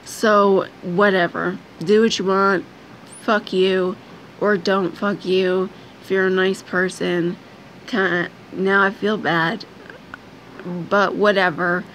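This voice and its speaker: A woman's voice: mid-range voice, little pitch movement, slow, a bit bright, slight background noise. A young woman venting in a blunt, frustrated vlog rant, swearing heavily. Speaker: vlogger. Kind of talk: angry personal vlog rant.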